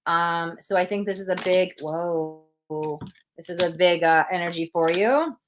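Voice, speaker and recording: A woman's voice: on the low side, a little slow, slight background noise. Woman giving a live tarot reading. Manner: reflective, coaching, spiritual self-help talk; thinks aloud while pulling cards. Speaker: tarot reader.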